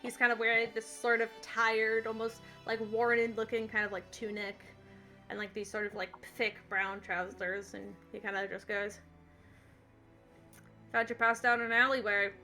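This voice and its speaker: Bright-voiced woman narrating a game. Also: medium pitch, monotone, normal speed, soft background music. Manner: casual, loose narration full of "like" and "kind of". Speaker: game master.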